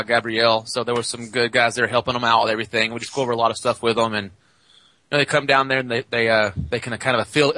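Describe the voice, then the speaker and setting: A man who coaches jiu-jitsu, telling rambling, animated anecdotes in a casual podcast chat. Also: mid-range voice, no echo.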